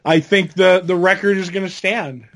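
A man with a slightly raised voice co-hosts a relaxed podcast. He speaks in a deadpan, joking way and keeps his tone casual. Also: high-pitched, normal speed. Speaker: podcast co-host. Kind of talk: casual chat.

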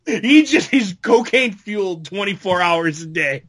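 This is a man with a high voice chatting casually as a podcast co-host. He is excitable and jokey, and he keeps slipping into quick impressions of other people. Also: slightly rough. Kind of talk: casual chat.

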